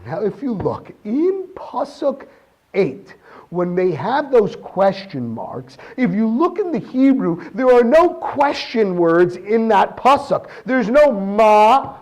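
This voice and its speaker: A man giving a weekly Torah talk, reading verses in Hebrew and asking pointed questions in an animated way. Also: extremely high pitch. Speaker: Torah teacher.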